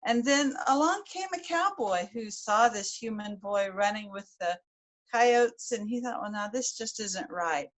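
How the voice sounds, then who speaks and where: A woman from the United States telling a folk tale to a live audience in a folksy, rambling way, repeating words as she goes. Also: on the high side. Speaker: storyteller. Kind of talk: live oral storytelling.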